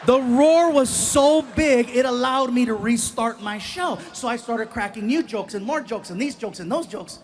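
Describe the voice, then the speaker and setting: A man performing stand-up, telling an animated, self-deprecating story with quick asides. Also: extremely high pitch. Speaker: stand-up comedian.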